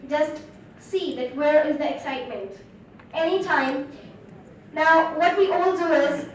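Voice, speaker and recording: A teenage girl from India gives an earnest, slightly rambling speech in Indian English, her voice pitched high. She is picked up from far across a large hall that rings with heavy echo, with a faint murmur of room noise underneath. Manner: earnest, repetitive, with frequent uh fillers. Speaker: student speaker. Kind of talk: delivered speech to an audience.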